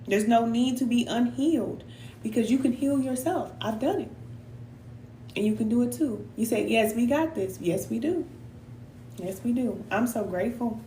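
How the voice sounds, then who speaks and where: Middle-aged woman, spiritual coach, earnest and preachy with casual slang, slightly high voice, roomy echo. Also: moderate pace, warm tone, slight background noise. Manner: heartfelt, preacherly, slips into casual Black American slang; sometimes emotional and sighing. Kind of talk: live tarot reading and motivational talk.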